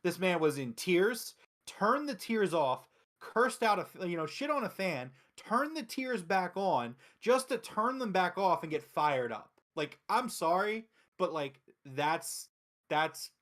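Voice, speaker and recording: A man hosts a casual review show, talking with excitable energy and frequent swearing. His voice sits a little high, and he keeps slipping into quick quoted lines as he retells what happened. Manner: excitable, profane, recaps with acted quotes. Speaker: wrestling show host.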